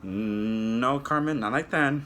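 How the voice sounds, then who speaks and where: A man reading a children's yoga story and guiding kids through the poses in a gentle, coaxing way, talking straight to the children. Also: mid-range voice, slow, slight background noise.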